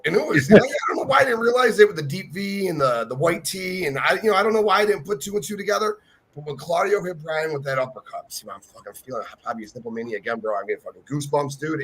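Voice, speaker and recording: A man co-hosting a wrestling podcast, talking in an excited, profane, gushing way. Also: fairly high pitch, a little hiss or hum. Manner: profane, passionate, gushing fan. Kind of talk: excited casual podcast chat.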